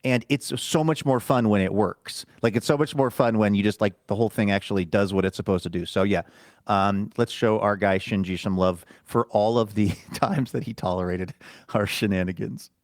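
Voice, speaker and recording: A man's voice: lowish voice, moderate pace, no echo. Casual guy cohosting a podcast, rambles, pokes fun at himself, dry mic. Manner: chatty, rambling, self-deprecating. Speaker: podcast co-host. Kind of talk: casual chat.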